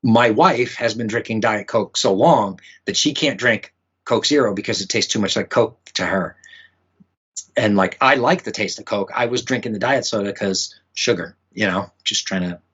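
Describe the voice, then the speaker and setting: Casual male musician guest, slightly low voice, halting and rambling delivery, muffled home recording. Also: a bit bright, slightly rough. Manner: rambling, many fillers and restarts. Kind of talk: casual interview chat. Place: home room with memorabilia.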